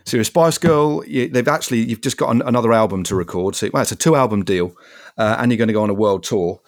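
A man hosting a podcast interview in a relaxed, chatty way, laughing often and calling his guest mate. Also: mid-range voice, fast, no room sound. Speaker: podcast host. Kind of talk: casual interview chat.

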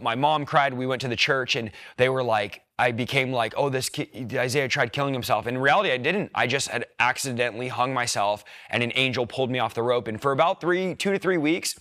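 Young man, earnest testimony, mid pitch, dry close sound. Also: fairly bright tone, dry recording. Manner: earnest storytelling, quick bursts. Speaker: preacher. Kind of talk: personal testimony.

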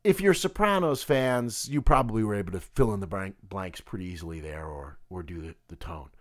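A man's voice: sits low, expressive, a little fast. A man with a cold delivering an indignant, sarcastic political commentary monologue. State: has a cold.

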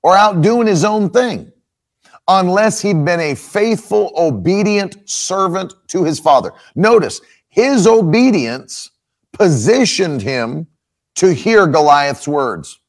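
A man preaching a sermon, reading scripture and explaining it with emphatic, drawn-out stresses. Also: high-pitched, expressive. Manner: emphatic, slows down to stress points. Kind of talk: expository sermon.

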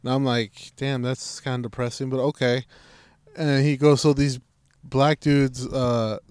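A man's voice: medium pitch, little pitch movement, a little slow, a little mellow, clear, resonant tone, no room sound. Laid-back man telling a story. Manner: laid-back storytelling, swears a lot, acts out voices. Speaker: podcast co-host. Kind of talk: casual chat.

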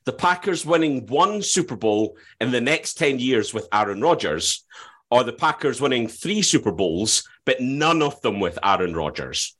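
A man's voice: mid-range voice, animated, normal speed, fairly bright tone, husky. A man hosting a casual podcast, reading listener questions aloud and laughing often.

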